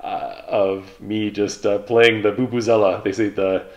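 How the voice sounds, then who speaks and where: A man in his thirties casually telling stories about his past, relaxed and rambling, with lots of fillers. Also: lowish voice, a little slow. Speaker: vlogger, pilot. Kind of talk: casual reflective storytelling.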